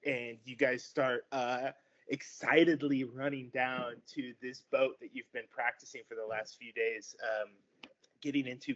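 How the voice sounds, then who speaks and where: A man narrating a tabletop game as game master, in a halting way with many fillers. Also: medium pitch. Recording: dull lo-fi recording.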